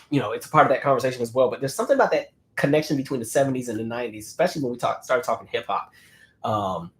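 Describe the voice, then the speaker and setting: A man in his thirties, slightly hoarse, hosting a casual livestream chat and reading out viewer comments in a conversational way with many fillers. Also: mid-range voice.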